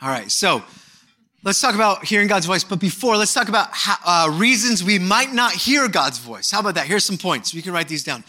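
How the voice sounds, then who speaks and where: A middle-aged male pastor preaching a sermon, candid and animated, breaking into mock voices and shouted bursts. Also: high-pitched, brisk, hardly any pauses.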